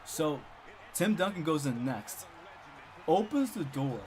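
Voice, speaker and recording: A man's voice: fairly high pitch, expressive, slow, darkish tone, a little hiss or hum. A young man casually telling a funny school story on a live stream, rambling with lots of repeats and chuckles.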